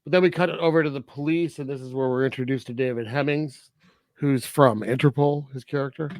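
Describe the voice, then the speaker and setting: A man's voice: mid-range voice, fairly even intonation, fairly quick, darkish tone, no echo. A man co-hosting a podcast, casually recapping a movie plot with lots of fillers and frequent laughs. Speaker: podcast co-host. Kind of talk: casual film review chat.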